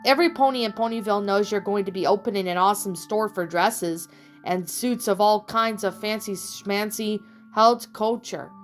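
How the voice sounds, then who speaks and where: A woman voicing a bubbly, hyperactive pink pony mare receptionist in an audiobook reading, with a high-pitched, chirpy voice and rapid excited chatter. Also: faint music behind, natural voice. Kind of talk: audiobook character voice.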